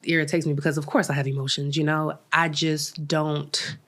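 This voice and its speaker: Low-voiced woman talking candidly. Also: flat delivery, normal speed, fairly bright tone. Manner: candid, reflective, short backchannels. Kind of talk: casual podcast chat.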